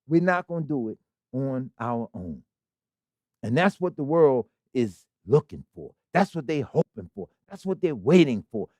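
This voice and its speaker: In a congregation hall, a male preacher gives a sermon packed with rhetorical questions and call-and-response. His fairly high voice swings through a wide, animated range. The sound is dry and close, with almost no room echo.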